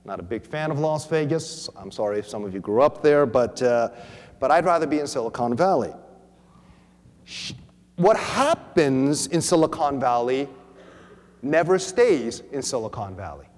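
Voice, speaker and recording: Animated man preaching in a reverberant hall. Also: mid-range voice, normal speed. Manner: animated, repeats words, acts out quoted voices. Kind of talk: conference teaching talk.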